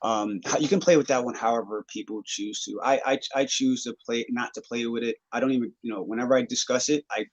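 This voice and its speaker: A man's voice: medium pitch, steady tone, fast talker, hardly any pauses, dull audio. A man, a guest on a live stream, who talks eagerly and repeats his words as he goes. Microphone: desktop computer.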